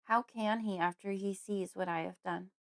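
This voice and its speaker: A woman giving measured first-person narration of a horror audiobook. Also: medium pitch, steady tone, creaky. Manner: measured, storytelling.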